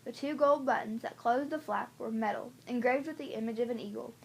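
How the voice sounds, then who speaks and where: Woman reading an audiobook, higher voice. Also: a little fast, gravelly, breathy edge. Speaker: audiobook reader. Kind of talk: audiobook narration.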